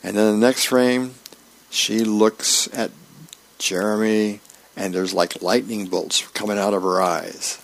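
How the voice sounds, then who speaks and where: Volunteer male reader, low, gravelly, easygoing, reads comics aloud. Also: flat delivery. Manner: folksy, unhurried reading with small slips. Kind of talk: reading newspaper comics aloud.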